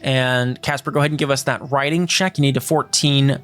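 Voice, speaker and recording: Male game master, mid-range voice, easygoing and halting, faint music behind. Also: medium pitch. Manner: relaxed, hesitant, lots of fillers while ruling. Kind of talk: narrating a tabletop game.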